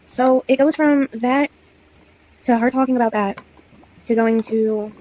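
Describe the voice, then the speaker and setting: A woman's voice: fairly high pitch, fairly even intonation, measured pace, dark tone, poor audio. A young woman telling a casual storytime at home, rambling, apologizing and losing her place. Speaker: vlogger. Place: indoors at home.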